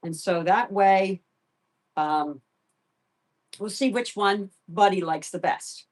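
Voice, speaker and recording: A middle-aged woman hosting a home live stream, softly sweet-talking her pet and chatting casually with viewers. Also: medium pitch, slow pace. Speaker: pet livestream host.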